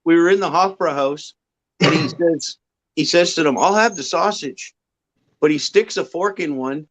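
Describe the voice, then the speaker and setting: A man's voice: on the high side, normal speed, rough recording. Joking man telling anecdotes. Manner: anecdotal, joking, repeats words. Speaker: chat participant. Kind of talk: casual group chat, storytelling.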